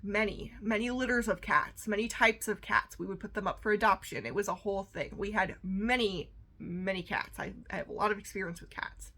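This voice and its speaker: A woman's voice: mid-range voice, fairly even intonation, fairly quick, hardly any pauses, fairly bright tone. A woman hosting her own podcast in a casual solo chat, rambling and sassy with lots of fillers, amped up on coffee. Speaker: podcast host.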